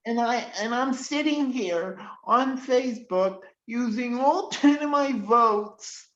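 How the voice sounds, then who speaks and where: Female interview host, slow, fan-like, echoey room, muffled audio. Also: a little high. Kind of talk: casual interview chat.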